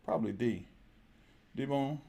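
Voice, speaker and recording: A man preaching a sermon, addressing the congregation directly and repeating his phrases. He swings between low murmurs and loud exclamations. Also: slow, vocal fry.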